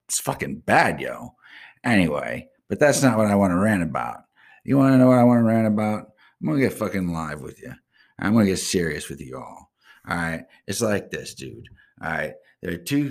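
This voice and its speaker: A young man from South Florida rants on his own show in a very low, deep voice. He talks crude and blunt, swearing in almost every sentence. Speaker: radio show host. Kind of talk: profane ranting monologue.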